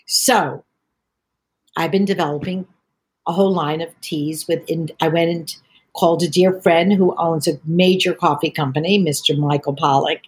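A woman's voice: deep voice, steady tone, normal speed, a little mellow. An older woman, a tea entrepreneur, chatting as a podcast guest and telling long rambling stories. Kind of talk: podcast conversation.

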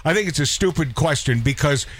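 A man hosting a casual radio chat, excitable, tripping over restarts. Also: on the high side, brisk, no room sound. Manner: excitable, stumbling restarts, laughs often. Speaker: radio host.

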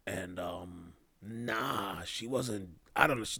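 A man's voice: lowish voice, takes it slowly, creaky, sharp tone, breathy edge, no room sound, soft background music. A man hosting a casual podcast, rambling with loose slang, trailing off and restarting his thoughts. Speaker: podcast host. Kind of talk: casual chat.

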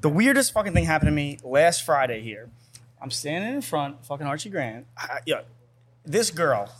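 A man's voice: fairly high pitch, big pitch swings, normal speed, breathy edge. A young man talking casually in a bar, brash and swearing freely. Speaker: guest, bar owner. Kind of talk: casual chat.

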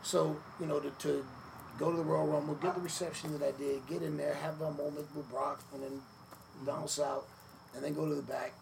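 Gravelly man telling a story. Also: a little high, normal speed. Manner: relaxed storyteller, many fillers, acts out quotes. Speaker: podcast guest, former wrestler. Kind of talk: storytelling in a sit-down interview. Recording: noisy room ambience.

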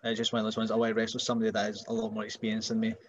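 In a dull-sounding recording, a Scottish wrestler talks very fast in a voice on the low side. As a guest in a casual chat, he tells stories with plenty of animation and impressions of other people's voices.

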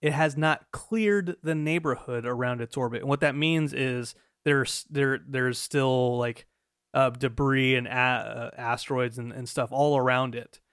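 A man's voice: medium pitch, measured pace, a bit bright, clear, resonant tone, no room sound, studio quality. A man in his thirties co-hosting a podcast, playful and laughing often, with many restarts as he explains. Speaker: podcast co-host. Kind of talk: casual podcast chat.

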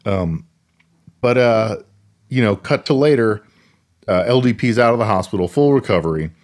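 A man's voice: lowish voice, expressive, normal speed, a little mellow. A man co-hosting a casual podcast, walking through a film's plot in an easygoing way. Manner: easygoing plot narration with fillers. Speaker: podcast co-host. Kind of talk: casual movie recap chat.

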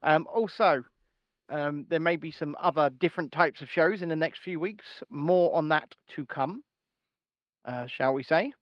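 A man's voice: a little high, unhurried, no echo, lo-fi sound. A man co-hosting a podcast in casual, jokey banter, swearing freely. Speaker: podcast co-host. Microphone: home podcast mic with noise gate.

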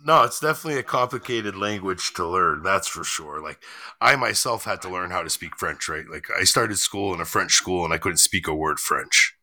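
A man's voice: low voice, lively intonation, normal speed, pushed and bright, dry recording. A man in casual podcast chat, easygoing and teasing, laughing along with the host.

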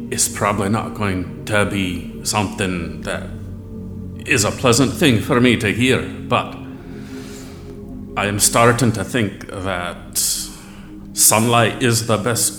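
An actor playing a grim, quietly measured man in a horror audio drama, speaking slowly and gently. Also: lowish voice. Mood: solemn. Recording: roomy with music score behind.

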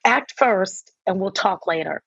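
A woman author being interviewed about raising kids, telling lively stories and acting out the voices of herself and her children. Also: medium pitch, a little slow, vocal fry, husky, dry recording. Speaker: author and guest. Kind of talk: conversational interview. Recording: dull, dry sound.

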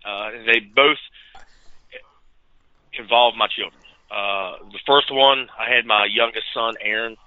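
A man co-hosting a podcast, telling a hunting story in a lively, animated way and acting out the dialogue. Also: fairly low pitch, measured pace, pauses often, no echo, phone-quality sound. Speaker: podcast co-host. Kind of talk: casual storytelling.

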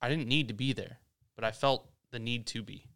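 A man in casual chat as co-host, relaxed and swearing casually while telling his own story. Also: medium pitch, normal speed, gravelly. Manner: laid-back, swears casually. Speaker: podcast co-host.

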